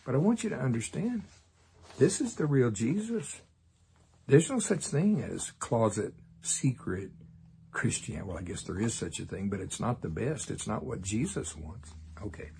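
A man's voice: mid-range voice, very animated, normal speed, vocal fry, mellow, a little hiss or hum. A man preaching a sermon, laughing often and making sarcastic asides. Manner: sarcastic, laughing, acts out voices.

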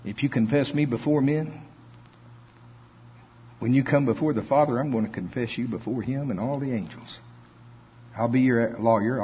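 Husky-voiced male preacher. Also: medium pitch. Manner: conversational, chuckles between points. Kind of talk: sermon with scripture reading. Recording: dull lo-fi recording.

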